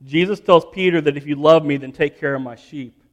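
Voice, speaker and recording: A man preaching a sermon to graduates, telling a story with emphatic, rising peaks and soft, quiet asides. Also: a little high, brisk, dull audio. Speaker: pastor.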